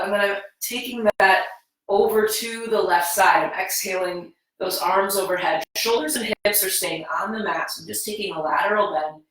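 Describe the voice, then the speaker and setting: A woman teaching a slow yoga class, guiding breath and movement in a calm, soothing way. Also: medium pitch. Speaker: yoga instructor. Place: home room. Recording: echoey room, voice from a distance.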